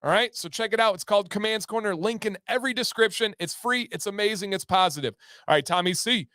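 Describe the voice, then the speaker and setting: A man hosting a casual livestream, reading viewer comments in an upbeat, excitable way with sudden loud whoops. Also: sits high, fast talker, no room sound, studio quality. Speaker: livestream host.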